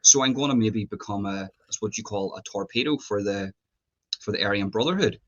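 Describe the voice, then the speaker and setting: A low, husky man hosting an interview on a dull, lo-fi line. He rambles and thinks aloud as he builds up to his questions, with a touch of breathiness. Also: fairly quick. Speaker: host.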